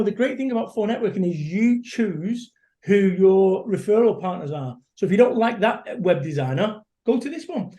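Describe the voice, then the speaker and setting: Middle-aged motivational speaker from Manchester; high, warm-toned, blunt and energetic. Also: male voice. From Salford, Manchester, England. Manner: blunt, energetic, swears casually. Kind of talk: casual interview chat.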